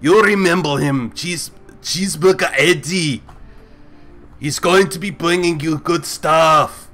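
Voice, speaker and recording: A man voicing a gruff, muscular male action-hero fixer who gives blustery orders. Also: a little high, takes it slowly, fairly bright tone, soft background music. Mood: commanding.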